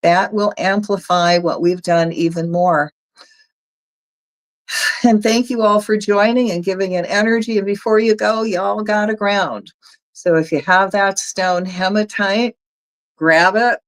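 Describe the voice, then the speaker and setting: A woman's voice: medium pitch, fairly even intonation, measured pace, rough recording. A woman with a Southern US accent, an energy healer leading a chatty, folksy guided energy work session for viewers. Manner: chatty, folksy, talks viewers through steps.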